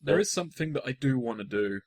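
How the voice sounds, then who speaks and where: A man's voice: medium pitch, expressive, fast, a little mellow. A man playing in a tabletop role-playing game, describing what his character does in a casual, thinking-aloud way. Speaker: player.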